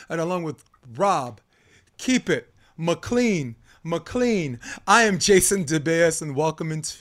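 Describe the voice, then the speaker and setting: A young man co-hosting a casual sports debate podcast, energetic and hyped, talking fast over the games. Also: a little high. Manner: energetic, hyped, chanting and laughing. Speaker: podcast co-host.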